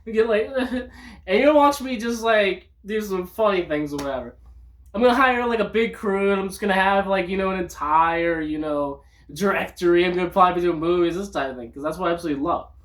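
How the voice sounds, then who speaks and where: A woman vlogging in an upbeat, rambling monologue, breaking into loud outbursts when she acts out quotes. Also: on the low side, brisk.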